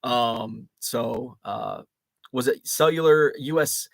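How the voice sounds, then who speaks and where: Rambling host with a dry close sound. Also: male voice, mid-range voice, normal speed, a bit bright, no room sound. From Chicago area. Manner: rambling, many fillers and restarts. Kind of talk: casual live chat reading comments.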